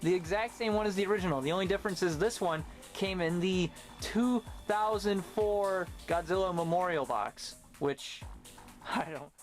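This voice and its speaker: A man's voice: high voice, moderate pace, faint music behind. Talkative man rambling through a toy review. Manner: talkative, rambling, sarcastic asides. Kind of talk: casual review vlog.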